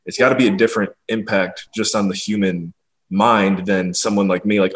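A man's voice: fairly low pitch, fairly even intonation, fairly quick. Easygoing young man hosting a podcast. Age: young adult. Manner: laughs often, easygoing. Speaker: podcast host, grandson. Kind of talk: casual interview chat.

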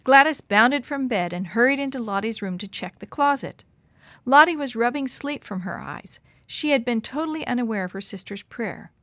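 A woman reads a children's story aloud with expressive, lively storytelling. Her voice sits fairly high, and the recording is close and dry, with no room sound. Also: moderate pace, no echo.

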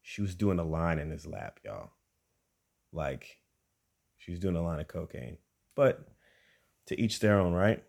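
A deep-voiced young man spinning a comic tale from his own life. He is animated and conversational and talks straight to his listeners. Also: unhurried, gravelly, pauses often. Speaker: storyteller and podcast host. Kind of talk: comic personal storytelling.

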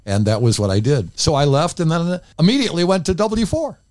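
A man's voice: a little high, animated, fairly quick, a little mellow, no room sound. An older man, a former radio DJ, tells candid stories in a casual interview and rambles into many asides.

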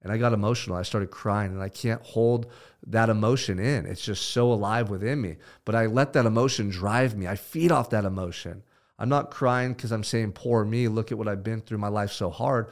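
A man hosting a podcast, giving an intense, emphatic motivational pep talk with blunt swearing. He swings between loud pushes and low, hushed stretches. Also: normal speed. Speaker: podcast host.

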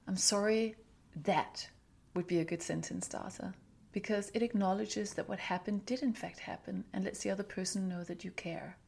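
A middle-aged woman with a low, gravelly voice hosts a parenting podcast. She explains her advice in an earnest, instructive way. She acts out the example phrases as she goes. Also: a little mellow. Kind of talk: advice monologue.

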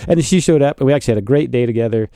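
A male podcast co-host with a gravelly, mellow voice tells a story in casual chat. He is animated and laughs easily, and he slips into the voices of the people in his tale. The sound is dry and close. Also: mid-range voice, racing, no room sound.

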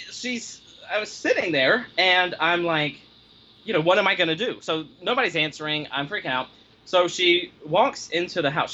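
A man tells pet-sitting stories in a casual chat, acting out his own past reactions with animated energy. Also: fairly high pitch, a little hiss or hum. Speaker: podcast guest telling pet-sitting stories. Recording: slightly dull lo-fi sound.

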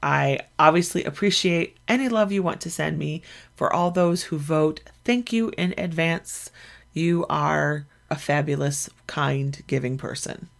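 Chatty woman podcaster with vocal fry. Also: deep voice, a little slow. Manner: chatty, animated storytelling. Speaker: podcast host. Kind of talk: casual solo podcast chat.

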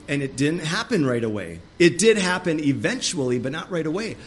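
A male pastor preaching an earnest sermon, often restarting his phrases and climbing higher and louder when he gets worked up. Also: big pitch swings, a little fast, few pauses.

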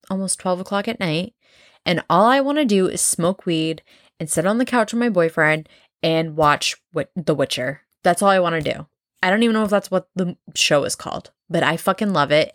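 A young woman from the American East Coast talks fast and rambles candidly through a solo podcast, swearing freely. Her voice sits a little low for a woman. The recording is close and dry, with no room sound. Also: a bit bright, no room sound. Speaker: podcast host.

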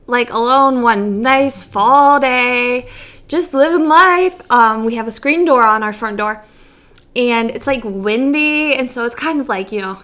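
A young woman from near the Great Lakes, co-hosting a chat show and telling a story animatedly with laughs and acted-out quotes. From Great Lakes region, USA. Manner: animated, laughing, acts out quotes with big jumps in pitch. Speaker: podcast co-host.

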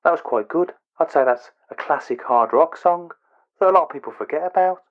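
A man chats casually as a podcast guest in a matter-of-fact way. His voice sits a little high. The sound is dull and lo-fi. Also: animated, fairly quick. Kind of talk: casual chat.

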